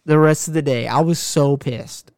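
Smooth-voiced young man telling a profane story. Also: a little high, normal speed, darkish tone. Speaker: podcast co-host. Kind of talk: casual chat, storytelling.

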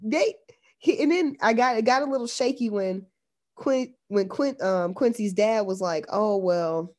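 A woman's voice: fairly high pitch, normal speed, darkish tone. A woman co-hosting a casual chat, talking loosely with lots of filler words as she recaps a story. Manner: chatty, lots of "like" and "yep" fillers.

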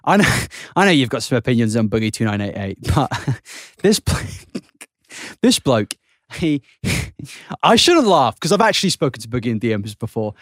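A man's voice: medium pitch, sing-song, normal speed, no room sound, studio quality. A man co-hosting a podcast, casual chat, laughing and ranting with plenty of swearing. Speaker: podcast co-host.

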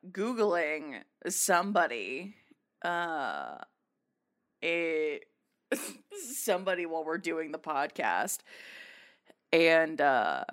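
A woman co-hosting a comedy podcast, laughing easily, wry and unhurried. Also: fairly low pitch. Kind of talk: casual comedic podcast banter.

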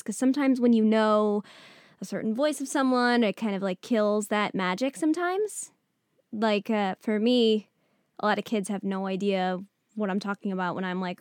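A woman's voice: mid-range voice, a little mellow, clear, resonant tone, no room sound, studio quality. A woman co-hosting a podcast, chatting casually about a movie, laughing often and saying "like" a lot. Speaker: podcast co-host.

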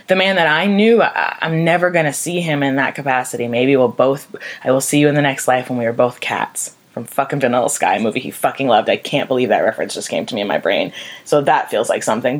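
A young woman speaking candidly and emotionally about grief, swearing freely in a raw personal monologue. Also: low voice. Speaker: vlogger.

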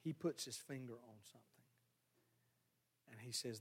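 A male pastor, preaching a sermon in a folksy, storytelling way that builds to loud, fervent exhortation. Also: mid-range voice, moderate pace, pauses often, slightly rough.

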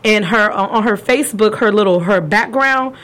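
A young woman from California, hosting a casual chat and telling a story with lively quoted voices. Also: normal speed. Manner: animated, acts out quotes with big pitch jumps. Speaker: podcast host.

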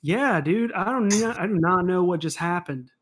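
A man's voice: sits high, normal speed. A man chiming into a casual group conversation, laughing along at a friend's story.

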